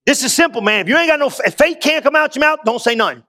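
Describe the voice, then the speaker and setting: High bright-voiced preacher man, slangy. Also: expressive, quick pace. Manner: casual, slangy preaching with call-and-response questions. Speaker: pastor. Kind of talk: sermon.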